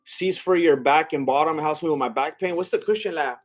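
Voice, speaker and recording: Young male streamer, high voice, loose excitable fight commentary with chat asides. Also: fairly quick. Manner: excitable, exclaims at big shots, chats with viewers. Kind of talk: casual live commentary and chat.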